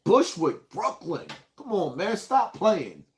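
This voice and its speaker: Hyped New streamer, lively pitch. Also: male voice, slow. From Bronx, New York. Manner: hyped, calls out viewers by place. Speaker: live streamer. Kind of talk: casual livestream talk.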